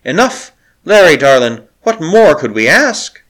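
A man voicing a gentle, otherworldly young handmaiden woman who speaks in a tender, wondering and innocent way. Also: medium pitch, big pitch swings, a little fast, slightly rough.

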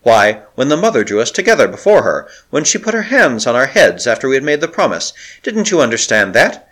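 A man voicing a gentle, otherworldly young handmaiden woman who speaks in a tender, wondering and innocent way. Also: mid-range voice, very animated, a little fast.

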